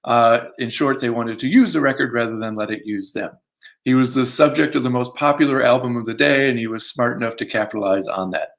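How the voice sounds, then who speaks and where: A man's voice: mid-range voice, fairly bright tone. An American man reading from his book in an academic tone, with self-mocking asides and frequent fillers. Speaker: author giving a book reading.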